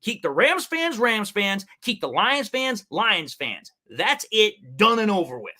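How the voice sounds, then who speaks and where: A man hosting a sports talk show, his voice sitting high and swinging widely as he rants. He talks in a heated, animated way and keeps circling back to the same point. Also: measured pace. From Detroit area. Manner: animated, heated, repeats "it's like, dude". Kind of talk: ranting sports commentary.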